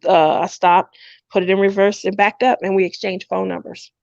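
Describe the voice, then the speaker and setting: Woman in her 30s, gravelly, animated storyteller; dry lo-fi stream audio. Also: moderate pace, no echo. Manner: animated storytelling, acts out quotes in a higher voice. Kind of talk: casual chat. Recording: dry, dull lo-fi live stream.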